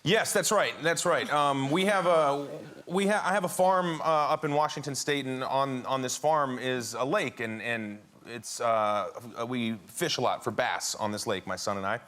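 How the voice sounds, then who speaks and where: A man, a talk show guest, telling a story in a halting way with many restarts. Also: mid-range voice, a bit bright. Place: TV studio.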